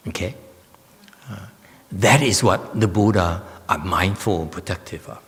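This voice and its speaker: A man, a Buddhist monk giving a slow, joking dharma lecture with many fillers and teasing asides. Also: sits low, a bit bright. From United States. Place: temple lecture hall. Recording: long hall reverb.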